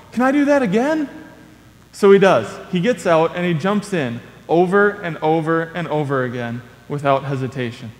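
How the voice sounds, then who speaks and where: A young man giving a sermon in a conversational, storytelling manner. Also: fairly high pitch. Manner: conversational storytelling with playful acted quotes. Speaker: preacher. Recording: long echoey reverb of a large hall.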